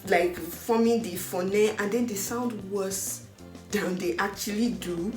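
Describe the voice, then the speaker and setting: A woman with a Nigerian accent, talking in an outspoken, animated way in a casual chat. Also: medium pitch, measured pace. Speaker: host. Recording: echoey room with faint music.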